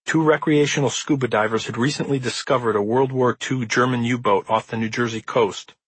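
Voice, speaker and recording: A man reading the introduction to his own nonfiction book as an audiobook, in measured, earnest storytelling. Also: medium pitch, steady tone, husky, dry recording, low-quality recording. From Midwestern United States. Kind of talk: audiobook narration.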